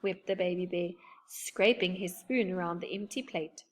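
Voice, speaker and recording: A woman reading a children's chapter book aloud, gentle and expressive. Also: lowish voice, moderate pace. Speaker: narrator. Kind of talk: children's storybook read-aloud.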